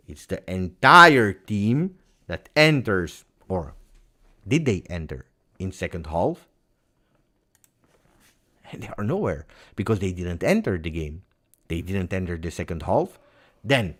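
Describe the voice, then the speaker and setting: A man's voice: low-pitched, sing-song, slow, pauses often, a bit bright. A man hosting a live post-match football reaction stream, talking in a heated, emphatic way and repeating phrases for stress. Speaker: football channel host.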